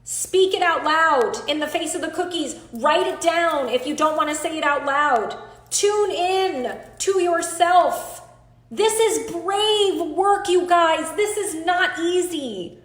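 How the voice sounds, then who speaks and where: Brief: high-pitched woman coach in her thirties, earnest live class over a call, roomy echo. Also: animated, slow, a bit bright. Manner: earnest, emphatic, talks straight to the group. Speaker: coach leading an online class.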